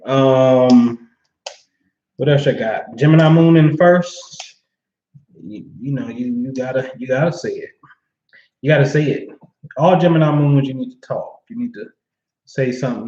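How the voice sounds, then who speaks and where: Reading comments from viewers, the host of a relaxed astrology livestream chats at a moderate pace in a slightly mellow, ordinary middle-pitched voice. His talk is slangy and loose, dotted with "you know what I'm saying," and the audio sounds a bit muffled and roomy, as at home.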